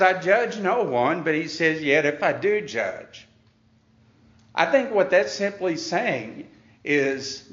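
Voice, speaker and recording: A man teaches from the Bible in a slow, deliberate preacher's cadence. He reads passages aloud and then unpacks them, leaning on key words for emphasis. The sound is dull and muffled, with a roomy echo around it. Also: mid-range voice. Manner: reads scripture aloud, then explains it point by point; leans hard on key words. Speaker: pastor.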